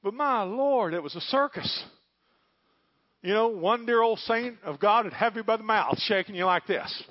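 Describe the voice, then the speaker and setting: Pastor guy, middle aged, fired up sermon, kinda high voice, hushed then loud, folksy stories. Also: expressive, normal speed. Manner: fervent preaching that swings from hushed to loud, folksy storytelling. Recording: dull lo-fi recording.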